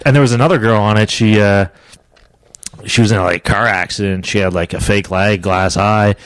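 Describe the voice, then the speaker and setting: A man's voice: on the low side, fairly even intonation, brisk, clean tone. Rambling young man telling stories. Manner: rambling, laughing storyteller with squealed quotes. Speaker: podcast co-host. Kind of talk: casual chat, storytelling.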